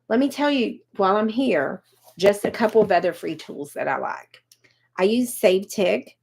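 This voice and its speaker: A woman in her fifties chatting on a livestream, coaching viewers on online marketing and answering comments by name. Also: mid-range voice. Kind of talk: casual livestream pitch.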